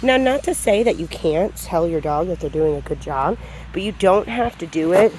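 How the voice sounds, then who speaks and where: Mellow-voiced woman dog trainer walking outside, calm and plain, ums everywhere, faint traffic going by. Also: normal speed. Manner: calm, low-key instructive talk with many fillers. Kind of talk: outdoor training demonstration. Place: outdoors on a road while walking a dog. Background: passing vehicles.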